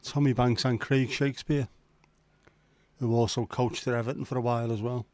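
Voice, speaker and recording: A man's voice: mid-range voice, fairly even intonation, moderate pace, darkish tone, dry recording. A man who hosts a casual live stream, chatting and joking and greeting viewers by name. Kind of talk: casual watch-along chat.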